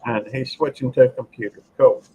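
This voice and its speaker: A man's voice: mid-range voice, fairly even intonation, a little fast, dark tone, breathy edge. Rambling man chatting casually. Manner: rambling, hesitant with fillers. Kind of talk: casual chat. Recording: slightly dull audio with faint noise.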